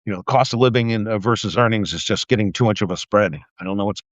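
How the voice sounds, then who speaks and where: A man's voice: lowish voice, quick pace, no room sound. An older man ranting on a livestream about politics, profane and mocking, stammering into restarts when he gets heated. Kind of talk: angry political rant on a livestream. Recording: dull dry lo-fi livestream audio.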